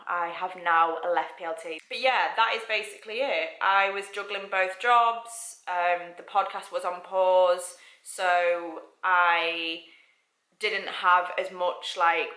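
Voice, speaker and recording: A young woman from England, a radio presenter, telling a story in a casual vlog, chatty and excitable, full of "like" and "oh my God". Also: lowish voice, unhurried, reverberant, low-quality recording.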